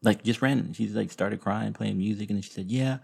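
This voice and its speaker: A man's voice: lowish voice, a little fast, gravelly, husky. A man hosting a podcast, telling stories in a casual, rambling way with frequent restarts. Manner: rambling, self-interrupting storyteller with frequent restarts. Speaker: podcast host.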